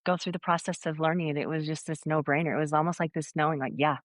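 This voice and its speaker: A middle-aged woman, a guest on an interview show, telling her story in a casual, animated way and acting out the quotes. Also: low voice, fast talker, no echo, studio quality. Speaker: guest, foot zoner.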